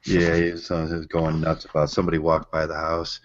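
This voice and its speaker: A man's voice: extremely low pitch, monotone, fairly quick, highs cut off. An American man telling stories in a casual group chat, rambling with frequent fillers. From United States.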